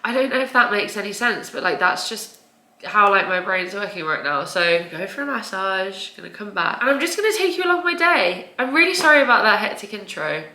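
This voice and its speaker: Bright-voiced young woman vlogging. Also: mid-range voice, expressive, brisk. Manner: rambling, frequent nervous laughs, swearing. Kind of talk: casual confessional vlog. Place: home, indoors. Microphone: camera. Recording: echoey room.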